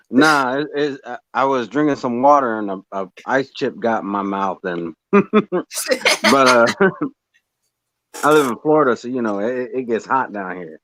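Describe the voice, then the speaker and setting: A man's voice: medium pitch, animated, a little slow, long pauses, fairly bright tone, slight background noise, poor audio. A man joining a boxing talk stream as a guest, talking in a laid-back way with chuckles and restarts.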